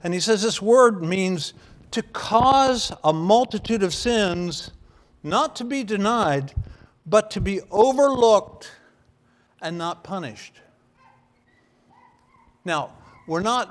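A middle-aged man preaching a sermon as pastor, earnest and emphatic, with restarts and some throat clearing. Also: high-pitched, expressive, takes it slowly, pauses often. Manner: earnest, emphatic, builds to loud stressed phrases.

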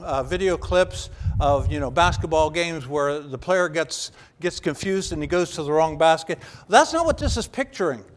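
A middle-aged man preaching a sermon as pastor, earnest and emphatic, with restarts and some throat clearing. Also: sits high. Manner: earnest, emphatic, builds to loud stressed phrases.

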